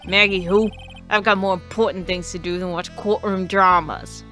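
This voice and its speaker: A woman voicing a gruff, thuggish male loan shark who talks through a clenched mouth in a tough-guy street accent. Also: on the low side, steady tone, moderate pace, pushed and bright, faint music behind, voice pushed down. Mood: blustering.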